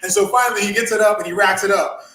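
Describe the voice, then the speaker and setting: Lively guy telling a story on a podcast, a bit high voice, echoey room. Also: slight background noise. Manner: animated, quick bursts, acts out quotes. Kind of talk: casual storytelling.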